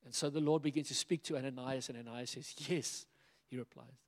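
A man preaching a sermon in a lively way, acting out the dialogue of biblical figures as he retells the stories. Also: medium pitch, brisk. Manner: animated, acts out biblical dialogue in quoted voices. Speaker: pastor. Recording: long hall reverb.

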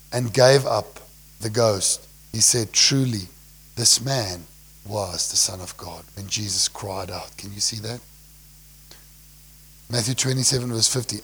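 A young man with a South African accent preaching a sermon. He swings between loud cries from scripture and quiet, low asides. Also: husky. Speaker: pastor.

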